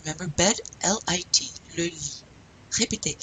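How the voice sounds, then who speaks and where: A woman teaching a French class, slowly modelling phrases and pronunciation for students to repeat. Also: fairly low pitch, a bit bright, slight background noise, low-quality recording. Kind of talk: classroom language lesson.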